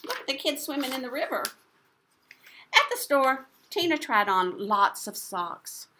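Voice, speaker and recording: A woman teacher reads a storybook aloud to young children, playful and full of questions. Her voice is bright and fairly high, with lively swoops in pitch. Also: a little slow, slight background noise. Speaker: preschool teacher. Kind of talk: reading a picture book to children.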